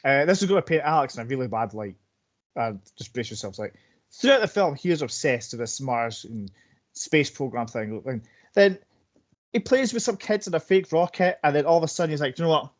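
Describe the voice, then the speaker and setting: A man's voice: fairly high pitch, lively intonation, brisk. A man co-hosting a casual film podcast, hesitant and searching for his words as he describes scenes. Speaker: podcast co-host. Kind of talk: casual film review chat.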